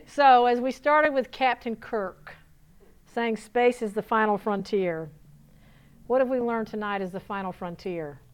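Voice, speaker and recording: A woman's voice: fairly high pitch, a little slow, smooth. Folksy Southern woman pastor preaching. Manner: folksy, laughing, rising to excited call-and-response. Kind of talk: sermon. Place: church conference hall.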